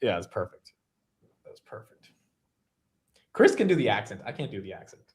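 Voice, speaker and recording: A man's voice: lowish voice, very animated, normal speed. A man co-hosting a live stream, chatting casually and joking, often letting his sentences fade out. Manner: joking, often trailing off quietly. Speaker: stream co-host. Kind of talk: casual chat.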